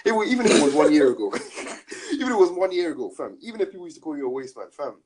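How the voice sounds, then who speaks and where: A man's voice: fairly high pitch, big pitch swings, rapid-fire, darkish tone, slight background noise. A young man co-hosting a podcast, making his points emphatically in slangy casual chat. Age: young adult. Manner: emphatic, preachy street slang. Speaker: podcast co-host.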